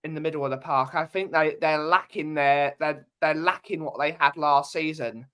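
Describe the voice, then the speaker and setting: Male panelist, bright tone, halting and full of restarts. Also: fairly high pitch, clear, resonant tone. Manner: hesitant, lots of ums and restarts. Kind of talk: casual chat.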